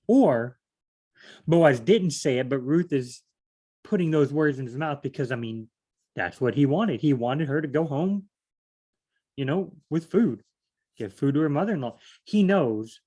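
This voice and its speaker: A man's voice: mid-range voice, warm tone. A man leading a casual Bible study, rambling and asking himself questions as he reads. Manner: rambling, thinks aloud and asks himself questions; repeats phrases, many fillers.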